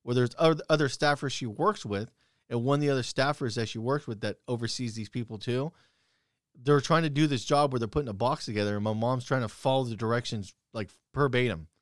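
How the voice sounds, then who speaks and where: A man's voice: mid-range voice, fairly quick, no room sound, studio quality. A young man telling stories bluntly and profanely in casual chat, quoting his own heated retorts.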